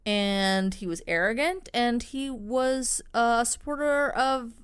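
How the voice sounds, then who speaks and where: A woman's voice: on the high side, slow pace, clean tone. Rambling woman podcaster, casual and sweary. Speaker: podcast co-host. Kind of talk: casual true-crime chat.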